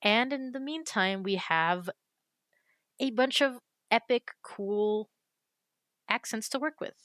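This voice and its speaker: A YouTuber walks through a game's character creator in casual, enthusiastic screen-recorded commentary, using fillers and correcting herself. Her voice is a little high, slow, and a bit bright, with no echo.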